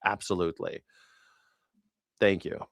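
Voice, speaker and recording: A man's voice: deep voice, level tone, measured pace, vocal fry, a crowd in the background. A man hosting a casual news reaction talk, rambling and sarcastic with profanity and frequent restarts. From United States. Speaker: independent news and culture commentator.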